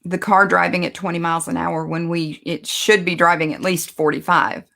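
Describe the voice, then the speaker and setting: A woman giving a conversational sermon, telling stories and slowing down to stress her points. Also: on the low side, level tone, creaky, bright, forceful tone. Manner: conversational, storytelling, self-deprecating asides. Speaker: speaker teaching a Bible lesson.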